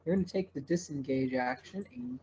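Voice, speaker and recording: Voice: mid-range voice, very animated, a little fast, warm tone, a little hiss or hum, poor audio. A game master narrating a tabletop game in a wry, playful way, stumbling over restarts now and then.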